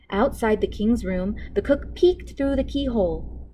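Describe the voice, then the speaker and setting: A woman librarian reading a picture book aloud to children with expressive storytelling. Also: mid-range voice, normal speed, slight background noise, rough recording.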